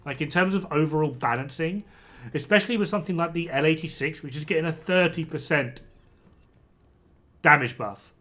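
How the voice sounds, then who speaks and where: A man gives casual gameplay commentary to his stream chat. His voice sits a little high and comes out bright and forceful as he rants about game balance. He swears freely and sounds thoroughly exasperated. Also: a little fast.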